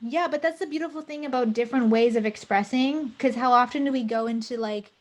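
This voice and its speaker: A woman guest speaking in a relaxed podcast conversation, her voice sitting a little high. She talks in a reflective, unhurried way and pauses on fillers as she feels her way through ideas. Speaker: podcast guest, fascial stretch therapist and creator.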